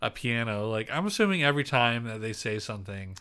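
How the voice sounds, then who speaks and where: A man's voice: medium pitch, big pitch swings, fast talker, sharp tone, smooth. A young man co-hosting a podcast in casual chat, rambling with lots of fillers and restarts. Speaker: podcast co-host.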